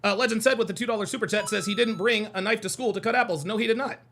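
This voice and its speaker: A man's voice: sits high, rapid-fire, fairly bright tone. A man hosting a heated livestream, reading out chat comments and arguing with them in a combative, mocking way, repeating his points.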